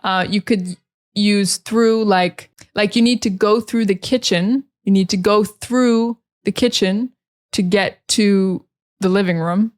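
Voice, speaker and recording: A young woman with an American accent, giving a casual pronunciation lesson and repeating words slowly for learners to copy. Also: mid-range voice, fairly even intonation. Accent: General American. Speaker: English teacher.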